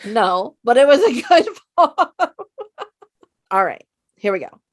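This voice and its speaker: A woman's voice: a little high, very animated, slow, long pauses, no room sound, clean studio sound. A woman from the United States co-hosting a fan show, giving short encouraging replies. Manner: supportive, brief replies. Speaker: podcast co-host. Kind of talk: casual chat.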